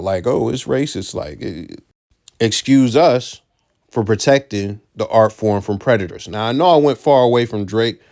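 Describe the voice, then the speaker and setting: A man's voice: on the low side, darkish tone. A man giving casual commentary, blunt and profane, who repeats his key points for emphasis.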